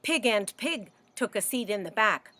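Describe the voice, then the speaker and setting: A woman librarian reading a picture book aloud to children, animated and asking them questions as she goes. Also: mid-range voice, measured pace, no echo. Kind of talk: children's story read-aloud.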